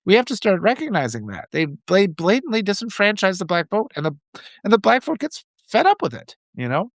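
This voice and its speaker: A man's voice: high-pitched, big pitch swings, a little fast, no room sound, clean studio sound. A man hosting a livestream, giving impassioned political commentary and reading out viewers' chat, often repeating phrases for emphasis. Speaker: livestream host.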